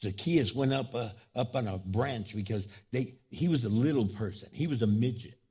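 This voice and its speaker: A male pastor preaches with a husky, breathy edge to his voice. He climbs to loud, high peaks and then drops to low, hushed asides. He slips into quoted voices as he goes. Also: normal speed. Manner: preaching with big swings in pitch and loudness, voicing quoted speech. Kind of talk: sermon. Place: church, with an online audience.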